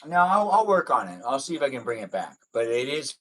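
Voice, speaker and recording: A man hosts a loose live stream chat at an ordinary middle pitch. He rambles, restarts his thoughts and keeps repeating his own pet phrases. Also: very animated, brisk, fairly bright tone, rough recording.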